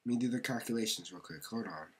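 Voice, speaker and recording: A man's voice: on the low side, animated, fast, husky. A man narrating his gameplay casually, slangy and chatty, often muttering or whispering to himself. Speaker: gaming video creator.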